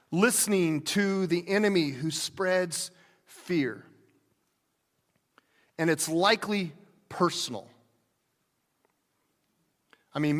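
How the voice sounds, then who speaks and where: A man's voice: sits high, fairly bright tone, long reverb tail. A man preaching a sermon as a pastor, talking in a conversational way with restarts and bits of acted speech.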